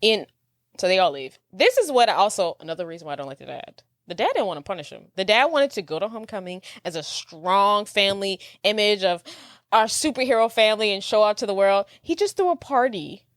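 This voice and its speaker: A woman's voice: medium pitch, sing-song, brisk, no room sound, studio quality. A woman co-hosting a podcast, chatting casually about a movie, agreeing and adding her own opinions. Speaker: podcast co-host. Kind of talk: casual movie recap chat.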